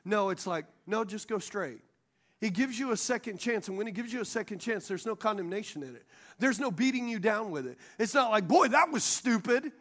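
A male pastor with an unusually high voice delivers a sermon from the stage microphone. He jokes and pulls the congregation into call-and-response. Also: expressive, quick pace, a bit bright. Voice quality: high voice for a man. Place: church sanctuary.

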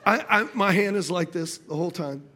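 A man's voice: high-pitched, brisk. A man preaching a sermon, telling a funny story and calling out to the congregation. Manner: animated, jokey, calls out to the congregation.

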